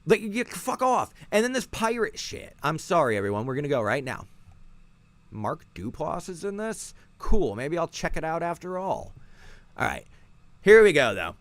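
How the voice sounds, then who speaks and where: Brief: irritated podcast host, foul-mouthed, casual, pitch jumping all over. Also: male voice, big pitch swings, moderate pace. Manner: profane, irritated ranting. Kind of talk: casual ranting commentary.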